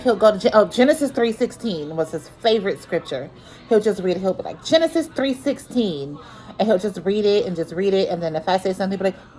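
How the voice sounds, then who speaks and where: In a vlog, a woman with a fairly low-pitched voice tells a personal story earnestly. She repeats herself, restarts often, and leans on fillers, and the audio quality is poor.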